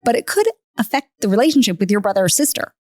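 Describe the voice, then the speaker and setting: A woman's voice: medium pitch, fast, dry recording, studio quality. A middle-aged woman hosting a faith podcast, talking casually and animatedly, laughing often. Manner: animated, laughs often, acts out quoted voices. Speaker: podcast host.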